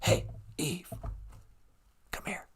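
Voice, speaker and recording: A sly tempter snake hisses and whispers, low and quiet, a little further from the mic than the teller's plain voice. A man puts it on while telling the story. The voice sounds coaxing and sneaky. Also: extremely slow. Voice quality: hissing whisper. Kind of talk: comic storytelling.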